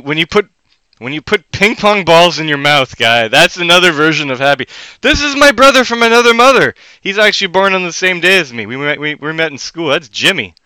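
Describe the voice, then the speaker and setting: A man rambling on a solo live stream at home, jumping between loud outbursts and low muttering. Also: no echo.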